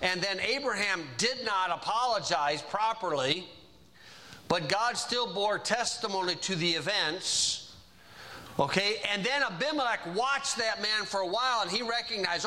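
Man, preacher, folksy sermon, bright forceful voice, slightly high. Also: moderate pace. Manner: folksy, conversational preaching with asides.

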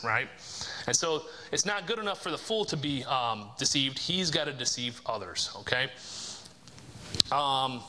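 A man's voice: bright, forceful tone, in a large hall. A man preaching a casual, conversational sermon, often ending lines with "right?" and "you know?". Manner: mimics mockers and coworkers in a higher voice.

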